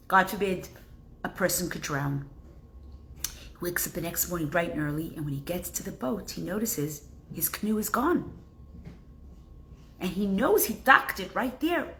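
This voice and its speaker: A woman teaching a live class on trust in God, telling stories with animated character voices and words. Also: medium pitch. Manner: animated storyteller acting out characters.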